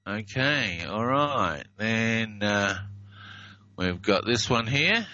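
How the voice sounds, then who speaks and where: A man with an Australian accent hosting a video, reading phrases aloud in a drawn-out, wry way. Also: on the low side, very animated, pushed and bright, no echo, dull audio. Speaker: video host. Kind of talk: casual commentary over played clips.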